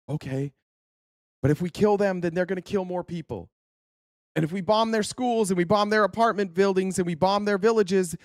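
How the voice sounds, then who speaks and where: A man with a high-pitched voice delivers a heated, profane political rant as host of his show. His talk is insistent and full of swearing. The recording is dry and close, with no room sound. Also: dry recording.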